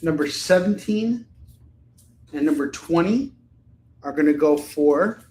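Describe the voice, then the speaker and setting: A man with a high voice hosts a casual live sale, calling out prices and rambling between jokes and swearing. The indoor room has a noticeable echo. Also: animated, slow pace, a little mellow, slight background noise. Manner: joking, profane, rambling. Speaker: live shopping show host. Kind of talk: casual live-stream sales chat. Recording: roomy echo.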